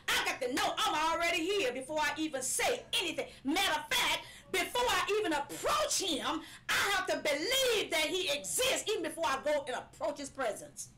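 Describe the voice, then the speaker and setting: A woman's voice: extremely high pitch, background noise. A woman preaching a live-streamed sermon, emphatic and repetitive, sometimes breaking into laughing cries.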